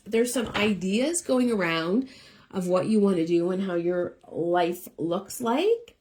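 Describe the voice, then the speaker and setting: A middle-aged woman reads tarot live for her viewers, with a lively, swinging voice and a chatty, reassuring way of talking. She speaks to each viewer by name. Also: mid-range voice. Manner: chatty, encouraging, talks straight to viewers. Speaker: tarot reader. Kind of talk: live one-card tarot readings.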